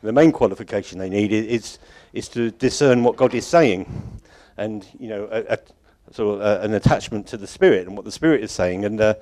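A man's voice: on the low side, brisk, few pauses, a little mellow. A man giving an informal, rambling closing address at a church conference. He chuckles often and keeps correcting himself. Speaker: conference organiser addressing congregation.

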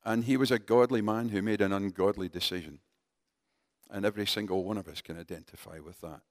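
A man preaching a sermon in a conversational, animated way, talking directly to his congregation. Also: lowish voice, brisk, no room sound, studio quality.

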